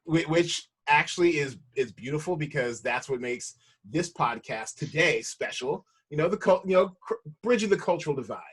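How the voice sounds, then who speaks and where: An American man hosting a podcast, rambling and correcting himself in casual chat, quick to laugh. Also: a little high, animated, fairly bright tone, husky. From United States. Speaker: podcast host.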